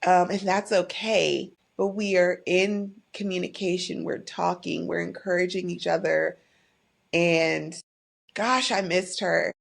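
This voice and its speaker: A woman's voice: fairly low pitch, fairly even intonation, measured pace, gravelly. A middle-aged woman hosting a podcast, talking candidly and from the heart about her own life. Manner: candid and heartfelt, faith-tinged, openly emotional. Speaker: podcast host. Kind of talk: personal monologue.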